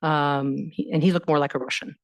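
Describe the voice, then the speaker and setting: A woman history professor giving an academic lecture in a measured, explanatory way, often pausing on "um" and "you know". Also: sits low, fairly even intonation, low-quality recording.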